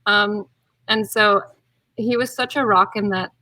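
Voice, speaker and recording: A young woman, a bride-to-be, chatting casually on a video call and acting out her own quotes with lively swings. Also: medium pitch, unhurried, no echo, poor audio. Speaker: guest, bride-to-be. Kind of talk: casual chat.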